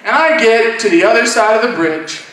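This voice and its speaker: A man's voice: very high-pitched, normal speed. A man telling a stand-up story at a convention panel, animatedly acting out the people in it. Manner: animated, acts out voices in anecdotes. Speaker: stand-up comedian. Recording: echoey room from far off.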